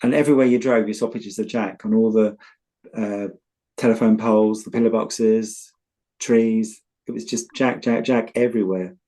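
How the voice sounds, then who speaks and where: A man's voice: on the low side, fairly even intonation, normal speed, warm tone. A man with a British accent, a tarot reader guest chatting casually, telling stories in a blunt, earthy way and reading cards.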